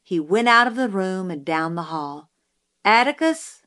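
Casual: lady reading a novel aloud, steady storytelling, kinda low pitch. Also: normal speed. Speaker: audiobook narrator. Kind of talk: scripted audiobook narration.

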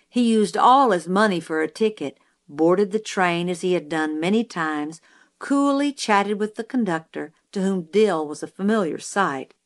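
Narrating an audiobook of a novel, she speaks on the low side in a measured storytelling manner.

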